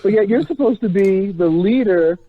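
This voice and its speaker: Male caller from Carolina, high voice, tinny phone line, exasperated and animated. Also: moderate pace, no echo. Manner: animated, exasperated, laughs while talking. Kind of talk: casual phone-in chat.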